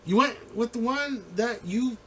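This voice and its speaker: A man's voice: very high voice, a little slow, bright, forceful tone, slight background noise. A man giving casual postgame football commentary, rambling with many restarts and laughing often.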